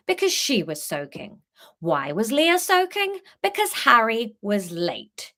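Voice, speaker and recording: A woman's voice: lowish voice, a bit bright. A woman reading her own story aloud on a live stream, breaking off to laugh and chat with viewers between passages. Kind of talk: live book reading with chatty asides to viewers.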